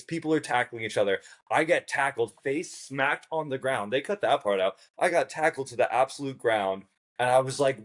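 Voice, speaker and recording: A man with a mid-range voice, a game show contestant appearing as a podcast guest, tells a story in a casual, animated way. He swears freely and acts out what other people said.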